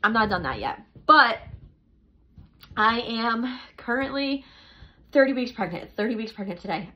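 A woman's voice: fairly high pitch, animated, a little slow, highs cut off. A young woman chatting through a casual vlog update, rambling and repeating herself, a little out of breath. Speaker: vlogger.

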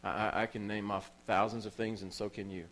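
A male pastor with a somewhat low voice preaches a sermon, telling stories with feeling and driving points home through repetition. A faint hum of noise sits under his voice. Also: flat delivery, brisk, a bit bright, poor audio. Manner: emotional storytelling preacher, repeats phrases for emphasis. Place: church.

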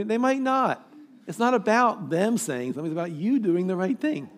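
A man in his sixties, a pastor, preaching an emphatic, exhorting sermon with dramatic pauses. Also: sits high, animated. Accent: American. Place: church sanctuary.

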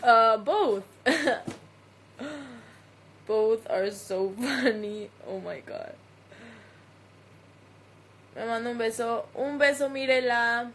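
Speaking slowly and pausing often, a young woman with a Mexican accent chats into her phone for a livestream, reading out fan comments and laughing frequently. Her voice sits a little high, and Spanish is her first language. The audio is poor, with a faint hiss or hum.

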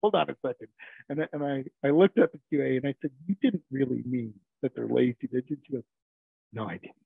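A man's voice: mid-range voice, fast talker, vocal fry, husky, dry recording. A man, an IT team leader and interview guest, telling workplace stories casually and acting out quoted dialogue with frequent chuckles. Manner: anecdotal, acts out quoted dialogue, chuckles often. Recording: narrowband phone-like remote line, dry.

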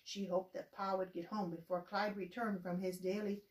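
A woman telling a children's church story in a gentle, expressive way. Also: medium pitch, moderate pace, echoey room, a little hiss or hum, low-quality recording.

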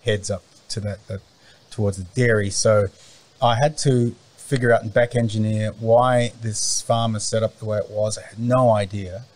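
Male interview guest, low voice, casual and meandering, patchy remote mic. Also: fairly even intonation, normal speed, darkish tone. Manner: rambling, many fillers and restarts. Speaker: interview guest, farm owner. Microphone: remote call mic, cutting in and out.

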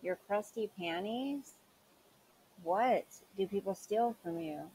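A woman's voice: mid-range voice, takes it slowly, dark tone, slight background noise, rough recording. A woman hosts a reaction commentary with a sarcastic, critical edge. She questions and picks apart what she has just played. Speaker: commentary channel host.

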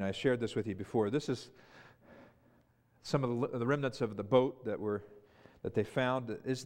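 A man preaching a sermon as pastor, telling the story with lively emphasis and acting out the disciples' cries. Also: medium pitch. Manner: animated storyteller, acts out the disciples' panic. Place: church sanctuary. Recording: church hall reverb.

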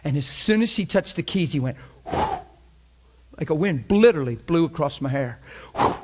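A man preaching a sermon, telling a story with bursts of laughter and dropping to a hushed, reverent voice. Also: a little high, moderate pace, a little hiss or hum. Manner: animated, laughs often, drops to a hushed tone for reverent parts.

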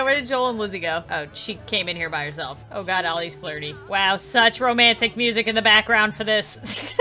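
A young woman hosting a gaming channel, giving casual, excitable commentary on her gameplay, laughing often and talking to the characters on screen. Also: medium pitch, normal speed, faint music behind.

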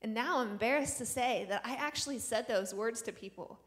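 A woman's voice: a little high, brisk, fairly bright tone. A woman missionary sharing a personal testimony with a church audience, telling her story earnestly and acting out the dialogue. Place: church sanctuary. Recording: long reverb of a church hall.

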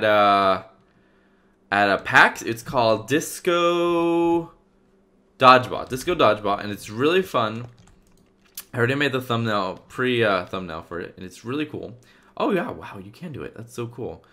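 A man's voice: on the low side, pushed and bright. Rambling man narrating his gameplay. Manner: rambling, chatty, many fillers and restarts. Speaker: gaming YouTuber. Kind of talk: casual let's-play commentary.

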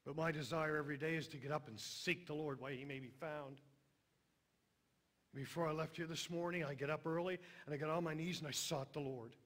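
A middle-aged man preaching a sermon, emphatic, then dropping to a hushed voice on tender lines. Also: a little high, fairly even intonation, brisk.

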